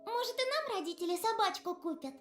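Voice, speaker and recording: A woman's voice: very high voice, lively intonation, fast, soft background music. An actress voicing an anxious little girl, a younger sister in a video game, speaking in an earnest, pleading way.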